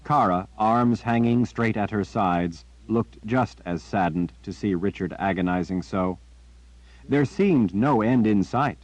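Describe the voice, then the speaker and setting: A man narrating an audiobook in a steady, measured storytelling manner. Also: on the low side, no echo. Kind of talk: scripted narration. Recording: dry, dull lo-fi.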